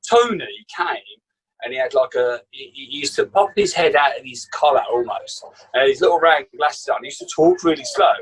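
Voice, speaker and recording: A man with a Birmingham accent, a chef guest telling animated anecdotes in a casual interview. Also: on the high side, normal speed, creaky, slightly rough, low-quality recording. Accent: Birmingham English. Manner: animated anecdote teller, acts out quotes. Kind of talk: casual storytelling.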